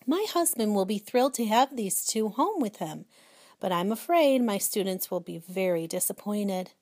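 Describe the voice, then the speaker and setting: A woman's voice: medium pitch, expressive, moderate pace, a little mellow. A woman voicing a polite male principal.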